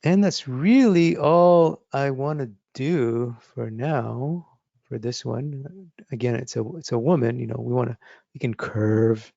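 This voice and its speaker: A man teaching drawing, talking through his sketch step by step as he works, thinking aloud in a relaxed, encouraging way. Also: mid-range voice, measured pace, gravelly, dry recording, highs cut off. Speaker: drawing instructor. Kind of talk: live drawing demonstration.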